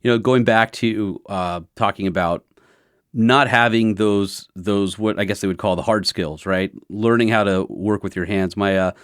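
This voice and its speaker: A man hosting a podcast, telling a story in an animated way and acting out the other person's lines. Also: on the low side, normal speed, clear, resonant tone, no echo, studio quality. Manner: animated storyteller who acts out quotes. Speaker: podcast host. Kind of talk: casual conversation.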